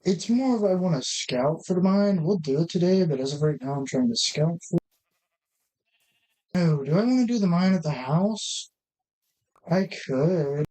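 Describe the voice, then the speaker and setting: Gameplay commentary host, casual, rambling, talks straight to viewers, mid-pitched voice. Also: expressive, measured pace, mellow, low-quality recording. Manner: rambling, thinks aloud with many restarts. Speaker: Minecraft let's-play host.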